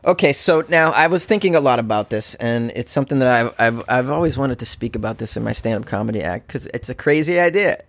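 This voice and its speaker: A man's voice: mid-range voice, expressive, quick pace, hardly any pauses, dry recording. A male comedian holds forth alone on his podcast in a mid-range voice. He is sarcastic and crude, cursing freely and chuckling at his own jokes. The recording is dry and close, with no room sound. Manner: sarcastic and profane, often breaking into laughter. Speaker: stand-up comedian. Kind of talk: solo comedic podcast rant.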